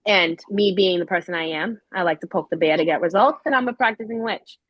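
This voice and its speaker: A woman's voice: fairly low pitch, brisk, no room sound, dull audio. Chatty woman telling ghost stories. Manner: animated, acts out quoted voices with many fillers. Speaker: paranormal investigator. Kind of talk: casual storytelling.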